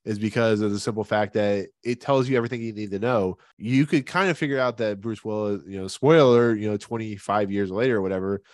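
Lowish-voiced guy rambling thru a tv plot recap, cracking jokes, dead dry mic. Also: no echo. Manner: rambling, jokey, retells the plot with quick asides. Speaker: podcast host. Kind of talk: casual podcast discussion.

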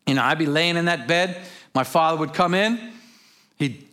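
A man delivering a passionate sermon as pastor, his voice sitting a little on the high side. He drops to soft, intimate tones and then bursts into shouted exclamations. Between the peaks he slips into relaxed, conversational storytelling. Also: moderate pace. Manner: passionate preaching, swings from hushed to shouted exclamations.

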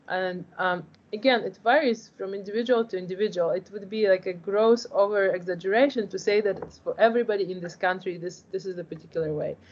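A woman's voice: medium pitch, slight background noise. Woman, founder type, explains stuff earnestly, lots of "like", kinda muffled audio. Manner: earnest, explanatory, frequent "like" and restarts. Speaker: startup founder. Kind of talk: interview answers. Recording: dull lo-fi audio.

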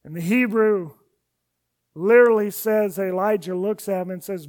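A man with a high-pitched voice delivers a sermon, retelling scripture passages with dramatic readings of each character. His phrases often sink to a soft, low finish before the next line lifts again. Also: moderate pace. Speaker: pastor. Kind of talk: expository sermon.

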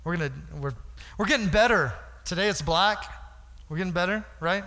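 A man preaching a lively sermon to a congregation, acting out voices from Bible stories and asking for responses. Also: sits high, moderate pace. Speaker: pastor. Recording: hall reverb.

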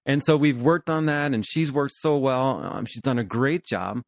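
A man's voice: mid-range voice, moderate pace, gravelly, no echo, studio quality. A man in his fifties, a pastor and therapist hosting a podcast, talking earnestly about counseling couples. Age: 50s. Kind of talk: podcast conversation.

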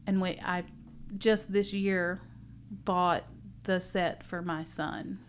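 A middle-aged woman, a bookstore owner, chatting casually as a podcast guest, animated and laughing often as she tells stories. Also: on the low side, slow pace, smooth. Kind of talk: casual interview chat.

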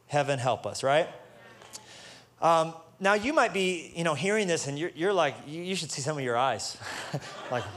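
A man preaching with a fairly high-pitched voice. He keeps the talk casual, joking and street-level, then drives his points home with emphatic stress. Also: expressive, normal speed, fairly bright tone. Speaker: pastor. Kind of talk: sermon.

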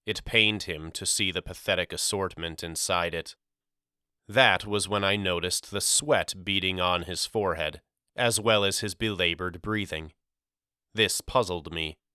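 A man narrating an audiobook in a measured, deliberate storytelling manner. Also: deep voice, fairly even intonation, pushed and bright, clean tone, no room sound, studio quality. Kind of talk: scripted narration.

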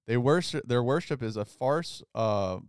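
A man hosts a podcast and talks through scripture in a laid-back, conversational way, peppering his speech with "like." His voice is smooth and resonant, mid-pitched, and recorded dry with no room sound. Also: a little slow, no echo. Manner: relaxed, says "like" often, reads scripture aloud. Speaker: podcast host. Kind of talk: casual Bible study chat.

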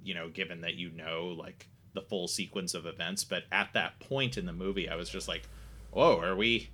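A man co-hosting a casual movie podcast, dry and measured, stumbling a bit at the start of his thoughts. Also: low-pitched, steady tone, sharp tone. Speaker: podcast co-host.

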